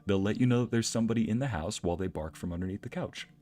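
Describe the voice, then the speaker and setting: A young adult man streaming, who tells anecdotes in a casual, animated way and laughs often. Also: on the low side, racing. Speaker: streamer and narrator. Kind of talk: casual storytelling chat.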